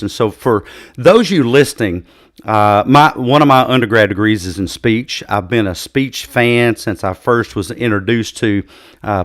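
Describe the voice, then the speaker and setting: An enthusiastic man hosting a live interview show over a video call. His voice sits at a middle pitch and the sound is close and dry. He asks questions warmly and eagerly. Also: no echo. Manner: upbeat and enthusiastic, with some fillers. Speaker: podcast host.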